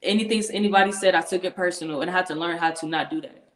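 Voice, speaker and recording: A woman's voice: lowish voice, rapid-fire, a bit bright. A young woman, a professional football player, talking earnestly as an interview guest, laughing often and repeating herself as she talks. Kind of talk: casual interview chat. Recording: echoey room.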